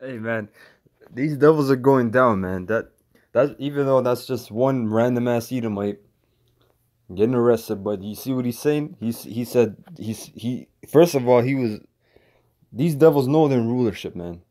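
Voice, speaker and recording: A man's voice: mid-range voice, moderate pace, warm tone. A man casually teaching scripture verse by verse, slangy and loose, dropping "man" into nearly every sentence. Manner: slangy, repeats "man" often, frequent restarts. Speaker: bible teacher.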